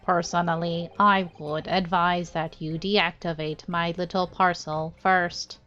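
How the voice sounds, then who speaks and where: A kooky male villain from a video game speaks in a stiff, low, robotic drawl, as a woman puts him on. The pace is slow and deliberate. The recording is dull and lo-fi, with faint game music behind. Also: flat delivery, a bit bright. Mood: smug.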